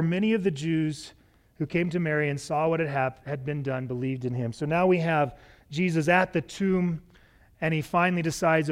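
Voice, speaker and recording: A man preaching a sermon, expressive and shifting his pace, acting out the lines he quotes. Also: a little high. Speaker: pastor.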